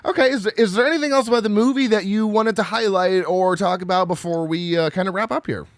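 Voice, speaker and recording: A man's voice: high-pitched, fast, dry recording. A man hosting a horror podcast, asking a guest questions in an easygoing, encouraging way. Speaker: podcast host. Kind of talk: casual interview chat.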